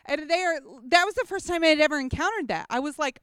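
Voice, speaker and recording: A woman giving a chatty, animated personal testimony to a gathering, often checking in with listeners. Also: high-pitched, fast talker, few pauses, no echo, clean studio sound. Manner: chatty, animated storytelling with props. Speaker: speaker at a church gathering.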